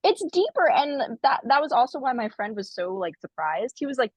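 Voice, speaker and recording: A woman co-hosting a podcast, telling stories in casual chat and acting out quotes in high voices. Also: a little fast, dry recording, poor audio. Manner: animated storyteller, acts out quotes in high voices. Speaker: podcast co-host.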